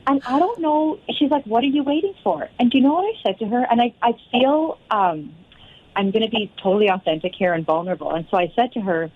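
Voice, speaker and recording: A woman's voice: on the high side, quick pace. Woman telling stories on a muffled line. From Canada. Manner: lively storyteller acting out quoted conversations. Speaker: guest, fitness studio owner. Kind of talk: interview storytelling.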